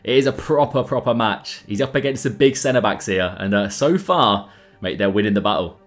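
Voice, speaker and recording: Young guy commentating his football game, gets loud and excitable on chances, faint music behind. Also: moderate pace. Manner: excitable, jumps in pitch at big chances. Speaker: gaming YouTuber. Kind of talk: gameplay commentary.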